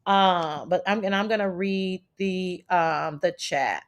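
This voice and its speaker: A woman's voice: lowish voice, takes it slowly. A woman hosting a casual livestream chat, brash and profane as she talks back to her chat. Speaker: livestream host.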